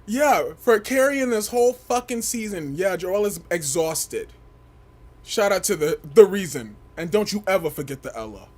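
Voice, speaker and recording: A young man with a high voice that swoops all over, chatting casually on a livestream. He gossips and reacts to the chat with loud shrieks and laughter. His talk is animated and unfiltered. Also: moderate pace. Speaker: livestream host.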